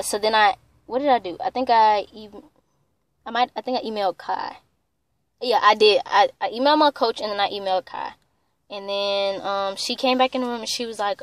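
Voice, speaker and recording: A woman's voice: medium pitch, dry recording. A young woman tells a heated, profane story in a casual vlog, full of "like". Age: young adult. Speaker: vlogger.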